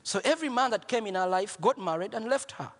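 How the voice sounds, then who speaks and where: A man preaching as pastor, telling a story with repeated lines and swinging from hushed near-whispers to shouts. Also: high voice, animated, fast, in a large hall. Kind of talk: sermon.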